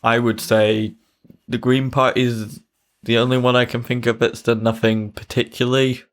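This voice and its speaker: A man in a casual podcast chat, measured and earnest as he checks facts. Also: medium pitch, flat delivery. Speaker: podcast co-host.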